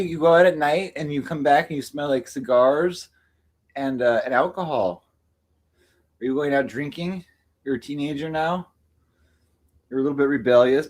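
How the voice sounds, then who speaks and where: A man hosting a livestream, cooing affectionate baby talk to his cats between remarks to the chat. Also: mid-range voice. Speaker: livestream host.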